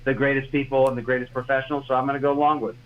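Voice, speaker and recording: A man's voice: mid-range voice, little pitch movement, rapid-fire, dull audio, a crowd in the background. A man co-hosting a casual sports podcast, cracking jokes and slipping into a mock announcer voice. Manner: joking, mock-announcer asides. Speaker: podcast co-host.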